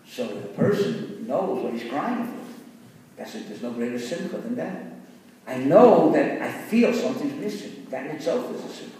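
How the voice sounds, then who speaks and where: A man's voice: medium pitch, lively intonation, normal speed, dark tone. A man, a rabbi, teaching students in an earnest, explanatory way, mixing Hebrew terms into his talk. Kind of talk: Torah lecture with storytelling. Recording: echoey hall, voice from far off.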